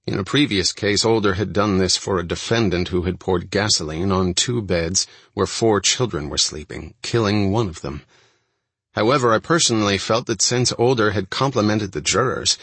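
A man narrating a first-person true-crime audiobook in a steady, measured reading. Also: on the low side, husky, dry recording.

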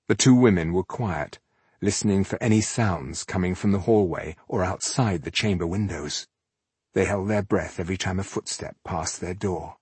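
A man narrating a fantasy audiobook in a measured, even storytelling manner. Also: low voice, husky, dry recording.

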